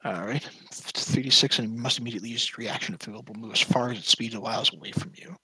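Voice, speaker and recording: A man's voice: medium pitch, quick pace, sharp tone, breathy edge, no echo, poor audio. A man narrating a tabletop game as game master, hesitant and often correcting himself on the rules, over online voice chat.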